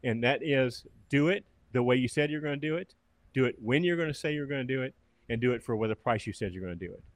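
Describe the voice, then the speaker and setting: A man's voice: mid-range voice, animated, fast, dry recording. Emphatic man giving advice, dry sound. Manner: emphatic, lays out points step by step. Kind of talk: casual chat, business advice.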